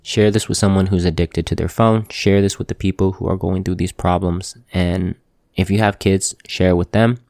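A man who works as a tattoo artist, hosting a motivational talk to camera in a calm, earnest, plainspoken way, repeating phrases for emphasis. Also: low voice, moderate pace, vocal fry, no echo, studio quality. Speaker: tattoo artist, show host.

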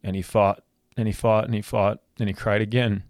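A man in his thirties tells a personal story on his own podcast, his low voice earnest and heartfelt. He stumbles and repeats words as he goes, and the recording is dry, close and free of any room echo. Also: level tone, normal speed, a little mellow. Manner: heartfelt, repetitive restarts. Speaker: podcast host.

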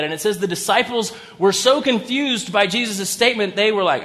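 A man with a high voice delivers a sermon as pastor, talking to the congregation in an easy, conversational way and dropping in humorous asides. His voice rings out with a long reverb, as in a large church hall. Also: brisk, few pauses, a bit bright.

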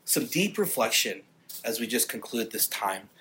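A male pastor preaching a sermon with earnest passion, growing louder and more fervent on key points. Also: medium pitch, sing-song, normal speed, a little hiss or hum.

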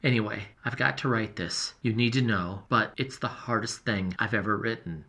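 A man voicing an earnest boy explorer who tells his journal everything, in a lively, emotional, confiding first-person delivery. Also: fairly low pitch, normal speed. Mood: distressed. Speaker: narrator. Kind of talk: first-person audio storytelling.

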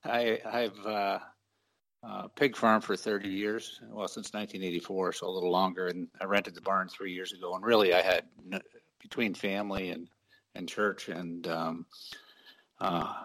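A middle-aged man from Southern Ontario, a farmer guest answering interview questions in a modest, halting way with many fillers. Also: low voice, pushed and bright, rough recording. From Southern Ontario, Canada.

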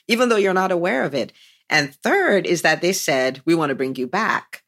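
A woman's voice: on the low side, lively intonation, a little fast, fairly bright tone. A woman hosting a business podcast, enthusiastically unpacking and praising her guest's story in an interview chat. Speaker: podcast host and business coach.

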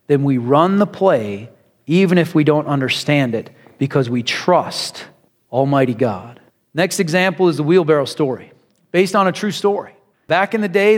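A man preaches a sermon and tells stories in a conversational, animated way. His voice sits high. The sound has a long reverb, as in a big hall or church. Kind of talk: sermon with storytelling.

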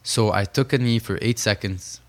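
This young Saudi man, a professional boxer appearing as a podcast guest, speaks at a normal speed with a lowish voice and fairly even intonation. He tells his story earnestly and emphatically, repeating phrases for stress.

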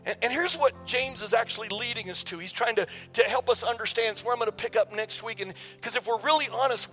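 A man's voice: very high-pitched, fast, few pauses, bright, forceful tone, long reverb tail, faint music behind. A male pastor preaching a sermon in a conversational, emphatic way, often repeating words as he goes. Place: church sanctuary.

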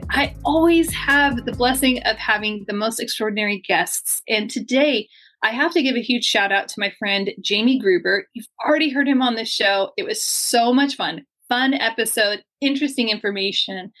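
Upbeat, effusive woman host; slightly raised pitch, chatty delivery. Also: moderate pace, a bit bright, soft background music. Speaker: podcast host. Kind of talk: enthusiastic interview intro. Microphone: video call.

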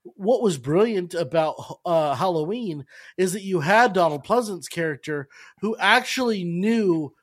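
High-pitched male host, quizzing co-hosts in a loose, restarting way. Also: lively intonation, breathy edge. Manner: questioning, halting restarts. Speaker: podcast host. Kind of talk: casual film review chat.

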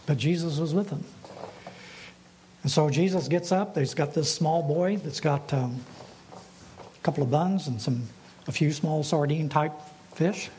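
A man with a somewhat high voice delivers a sermon at an even, deliberate pace. He asks his listeners questions and lets them sit. A light background hiss runs under the recording. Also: low-quality recording. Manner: measured preaching with rhetorical questions. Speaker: pastor.

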